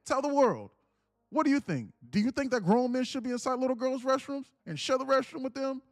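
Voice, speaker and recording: A man's voice: very high voice, expressive, fairly quick, no echo, studio quality, voice pushed up. A man doing an impression of a famous older politician who presses someone with insistent, leading questions. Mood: pushy.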